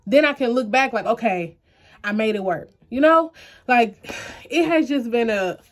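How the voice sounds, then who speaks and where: A woman's voice: fairly high pitch, animated, measured pace. Earnest young woman, near tears. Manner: earnest, talks straight to viewers as y'all. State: close to tears, eyes puffy. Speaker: vlogger. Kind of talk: emotional personal vlog to camera.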